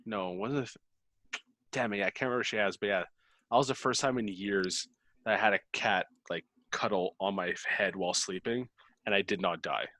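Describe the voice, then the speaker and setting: Low-voiced man chatting loosely. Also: a little fast, sharp tone, no room sound. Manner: rambling, many fillers. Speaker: book club member. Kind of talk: casual chat.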